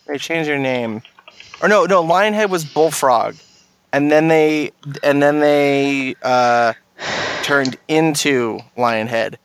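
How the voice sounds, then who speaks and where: A man's voice: a little high, slow, clear, resonant tone. A man hosting a casual gaming podcast, playful and rambling, full of fillers and restarts. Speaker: podcast host.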